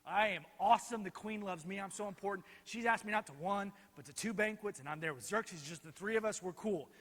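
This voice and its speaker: A man's voice: high voice, fairly quick, a bit bright. A man playing a vain, whiny ancient official who boasts about himself, in a reverberant hall. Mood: smug.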